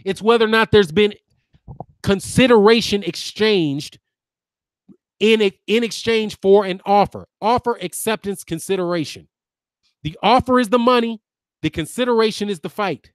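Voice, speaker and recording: Man in his fifties, high-pitched, combative sarcastic rant, dry close sound. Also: moderate pace, dry recording. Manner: combative, sarcastic, name-calling. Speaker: boxing channel host and lawyer. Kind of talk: ranting commentary replying to viewers.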